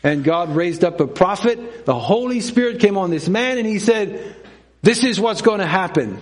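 A man's voice: sits high, expressive, normal speed. A middle-aged male preacher giving a sermon, telling stories and acting out the people in them, with frequent self-questioning asides. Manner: storytelling, acts out voices, self-questioning asides.

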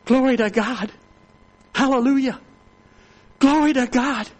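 A man preaching a sermon with fervent, repetitive delivery that climbs into loud, high-pitched exclamations. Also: measured pace, rough recording.

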